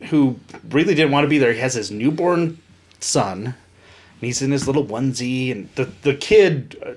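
A man's voice: medium pitch, normal speed. A man co-hosting a podcast, telling a funny anecdote and acting out the people in it. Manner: animated anecdote teller, acts out voices. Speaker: podcast co-host. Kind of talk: casual storytelling.

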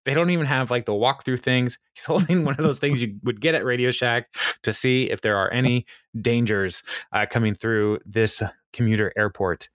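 This podcast co-host, a man with a mid-range voice and a fairly bright tone, speaks at normal speed as he casually recaps a TV episode. He laughs a lot and uses frequent fillers, and the clean studio recording has no room sound.

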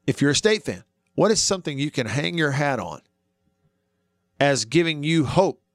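A man's voice: fairly high pitch, no room sound, clean studio sound. A man hosting a sports talk radio show, arguing his points and asking listeners questions. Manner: animated, argues with himself, asks listeners questions.

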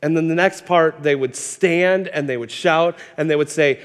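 A man's voice: a little high, normal speed, clear, resonant tone. A male pastor in his thirties preaching a sermon, impassioned and storytelling, stumbling over repeated words as he builds up. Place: church sanctuary. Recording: hall reverb.

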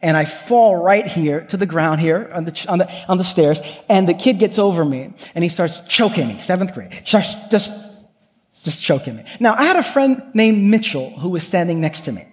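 Speaking at a moderate pace, this pastor has a high-sitting, expressive voice. His sermon is earnest, building with repetition and threaded with personal stories, and the church sanctuary gives the recording a long hall reverb.

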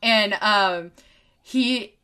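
A woman co-hosting a podcast, telling stories in an animated, sweary way with lots of fillers. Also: mid-range voice, drawn-out words, smooth. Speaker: podcast co-host. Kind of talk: casual chat.

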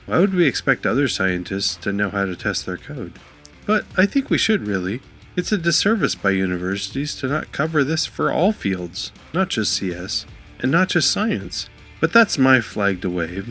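A man's voice: fairly low pitch, fairly bright tone. A man hosting a podcast, giving an opinionated, earnest intro and then chatting with a guest in an upbeat way. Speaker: podcast host. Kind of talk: podcast intro and interview chat.

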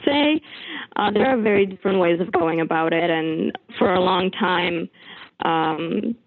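A woman's voice: fairly low pitch, measured pace, no echo. Woman with a Bulgarian accent on a phone line. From Bulgaria and Russia. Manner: hesitant, many ums, laughs nervously. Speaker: caller. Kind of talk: phone call into a podcast. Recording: tinny phone line, dry.

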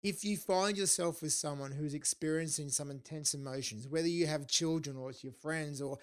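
A man's voice: fairly high pitch, normal speed, clean tone. A man hosting a podcast, chatting and then giving listeners an encouraging weekly challenge. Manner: encouraging, instructive. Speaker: podcast host. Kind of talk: casual chat and wrap-up.

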